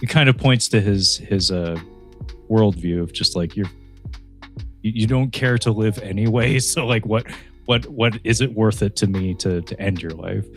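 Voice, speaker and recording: A man's voice: on the low side, normal speed, soft background music. A man co-hosting a casual film review podcast, recapping the plot in a rambling way with frequent laughs and restarts. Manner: laughs often, rambling with many restarts and fillers.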